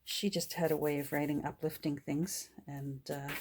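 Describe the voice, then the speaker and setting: With a low, steady voice at normal speed and hardly a pause, an older woman delightedly shows her thrift finds. She often drops to whispers and gasps, and a little hiss or hum sits under the audio.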